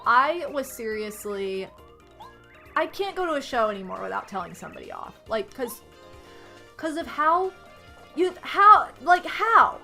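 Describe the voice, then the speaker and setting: High bright-voiced woman ranting. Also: normal speed, gravelly, long pauses, faint music behind. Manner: exasperated ranting, animated, swings loud and soft. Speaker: streamer. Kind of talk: ranting stream chat.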